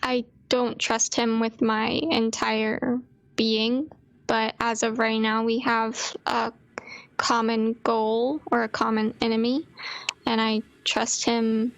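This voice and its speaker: A woman player in a tabletop role-play, speaking softly and hesitantly with frequent ums and restarts. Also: a little high, creaky.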